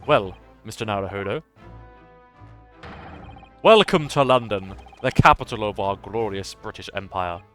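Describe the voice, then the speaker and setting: A man's voice: on the low side, expressive, a bit bright, faint music behind. Man playing a posh, stoic British chief judge. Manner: stiff, formal and measured.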